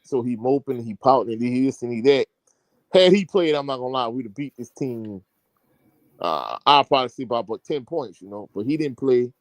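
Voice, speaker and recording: A man, a high school coach, telling a long sports anecdote in casual chat with slang and many fillers. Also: lively intonation, brisk, dry recording. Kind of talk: casual podcast storytelling.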